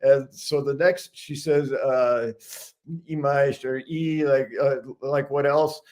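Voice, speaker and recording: An older American man, a regular guest, tells stories in a slow, steady, medium-pitched voice with a darkish tone. He's chatty, with an amused, self-deprecating manner.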